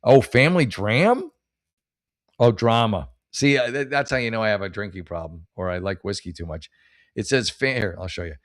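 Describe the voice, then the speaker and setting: Profane rambling comedian, low voice. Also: male voice, a little fast, fairly bright tone. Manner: rambling, profane, self-mocking. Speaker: comedian hosting a podcast. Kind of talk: casual storytelling.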